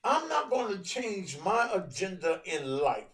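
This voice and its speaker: A middle-aged man preaches in a fiery, profane monologue. He drifts between slow, quiet reflection and shouted outbursts. His voice sits high and unhurried, picked up from a little way off the mic. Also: very animated, far from the mic. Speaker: preacher and online show host.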